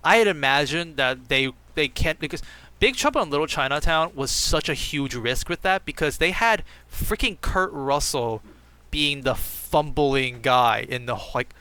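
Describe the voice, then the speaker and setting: Male podcast co-host, bright and smooth voice, chatty and upbeat. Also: on the high side, unhurried. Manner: enthusiastic, chatty, hedges with "like" and "I mean". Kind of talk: casual gaming podcast chat.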